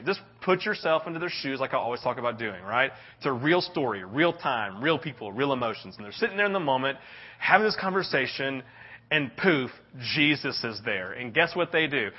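A man preaching a sermon as pastor, animated, acting out scenes with sudden exclamations. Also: a little high, husky, muffled recording.

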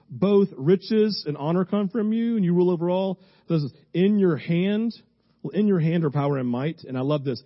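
Impassioned male pastor, slightly high voice. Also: lo-fi sound. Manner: impassioned, emphatic preaching that softens into a slow, hushed prayer. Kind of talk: sermon with devotional scripture reading and prayer. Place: church before a congregation.

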